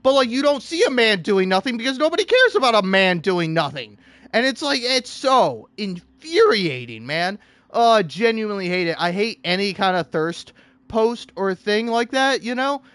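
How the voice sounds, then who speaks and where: High-voiced man in an exasperated rant. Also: very animated, moderate pace, clean tone, dry recording. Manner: exasperated, theatrical, swinging between shouting and muttering. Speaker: online video creator. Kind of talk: comedic rant.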